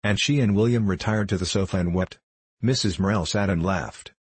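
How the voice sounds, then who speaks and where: A male audiobook narrator reading a novel in a steady, measured way. His voice is low and a little husky, and the recording is dry and close, with no room sound. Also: no echo.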